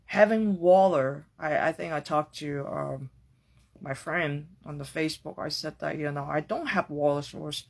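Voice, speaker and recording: This podcast host is a woman whose gravelly voice sits low and moves unhurriedly. She works through a reflective personal monologue, earnest and searching, keeping it casual with the occasional swear word.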